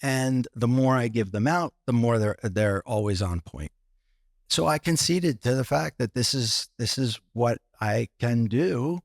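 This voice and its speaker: A man's voice: mid-range voice, unhurried, gravelly, no room sound, clean studio sound. A man guest on a podcast, telling a personal story with many restarts and acting out what others said.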